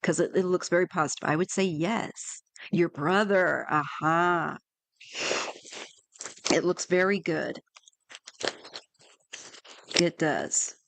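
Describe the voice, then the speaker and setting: A woman's voice: fairly low pitch, slow pace, gravelly, long pauses, no room sound. A woman doing a live tarot reading for viewers, chatty and reassuring, with many fillers and restarts. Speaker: tarot reader.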